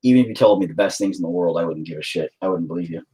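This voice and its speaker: A man's voice: deep voice, very fast, dark tone, husky. A man hosting a painting livestream from home, talking in a rambling, sarcastic, self-mocking way with plenty of swearing. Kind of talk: casual chat while painting.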